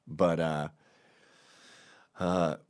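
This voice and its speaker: A man from Canada telling stand-up stories in a wry, profane, animated way. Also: extremely low pitch, extremely slow, clean tone. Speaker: stand-up comedian. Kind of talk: stand-up storytelling.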